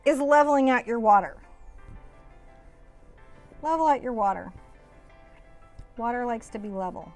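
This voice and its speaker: A woman giving a live painting tutorial, chatty and jokey, often laughing as she works. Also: a little high. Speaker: painting instructor.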